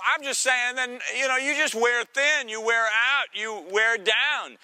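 Man, pastor, casual teasing sermon, quick asides, high-pitched, very bright voice.

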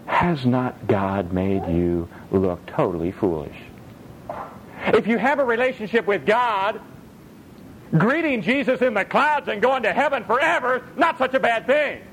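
A male preacher giving a sermon in an animated, dramatic, joking way. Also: high voice, a little slow, slight background noise, poor audio.

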